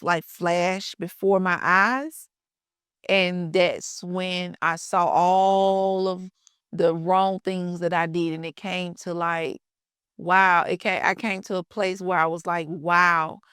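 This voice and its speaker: A woman's voice: lowish voice, fairly bright tone, smooth, no echo, studio quality. A woman host telling a personal faith story in a casual, conversational way. She speaks colloquially and talks straight to her listeners. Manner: conversational, addresses listeners as y'all, colloquial grammar. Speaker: podcast host sharing her testimony.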